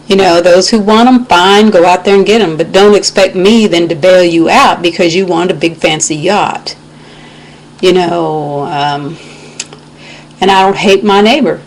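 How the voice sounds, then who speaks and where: A woman's voice: medium pitch, a little hiss or hum, poor audio. An American woman giving an impassioned, indignant webcam rant, quoting scripture as she talks. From United States. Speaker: video blogger. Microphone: webcam microphone.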